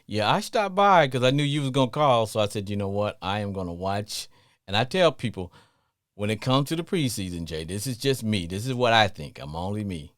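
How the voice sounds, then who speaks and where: A middle-aged man from Louisiana with a Southern accent, hosting a call-in sports talk show in an animated, sing-song way. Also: on the low side, brisk, dry recording, studio quality. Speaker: radio talk show host.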